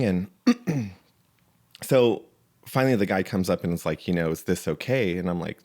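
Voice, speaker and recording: A man's voice: low-pitched, normal speed, pauses often, a little mellow. A man on a casual podcast, heatedly retelling a story with swearing, saying he is still shaky. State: shaky, worked up. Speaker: podcast co-host.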